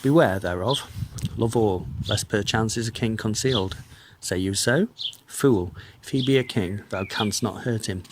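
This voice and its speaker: Low-voiced man reading scripture solemnly. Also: background noise. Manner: measured, declamatory recitation. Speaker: reader. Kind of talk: solemn reading of a religious text.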